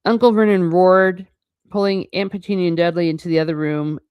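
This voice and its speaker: A woman's voice: on the low side, steady tone, fairly quick, clear, resonant tone, dry recording, dull audio. A woman hosting a book channel, reading passages aloud and giving frank, opinionated commentary, often stumbling over words.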